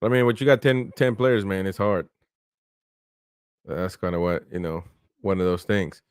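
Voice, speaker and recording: Casual man, fan-style play-by-play, smooth voice, dry close mic. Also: sits low, fairly even intonation, normal speed, no echo. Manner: casual play-by-play, talks to viewers, laughs often. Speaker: watchalong host. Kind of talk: live match commentary and chat reading.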